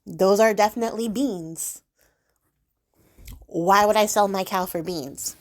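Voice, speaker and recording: A woman's voice: mid-range voice, a little slow, natural voice. A cocky, impulsive teenage boy bragging with easy overconfidence, as a woman plays him in a casual retelling of a storybook tale. The voice stays close to her own everyday speaking voice. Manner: boastful, overconfident.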